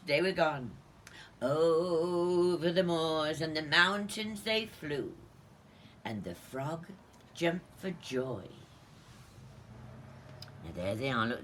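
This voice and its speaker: A woman teacher reading a picture book aloud, animated, pointing out the pictures as she goes. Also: deep voice, a little hiss or hum.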